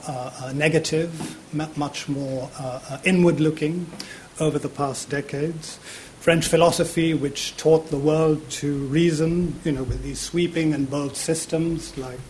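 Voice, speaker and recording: A man in his fifties, a university politics lecturer, giving a public lecture in a lecture theatre, often pausing on fillers and repeating words. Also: on the high side, fairly even intonation, a little mellow, a little hiss or hum.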